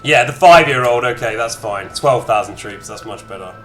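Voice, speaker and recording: A man's voice: mid-range voice, normal speed, fairly bright tone, soft background music. A man streaming a strategy game, chatting casually and reacting in short bursts to chat and menus. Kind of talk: casual gameplay commentary.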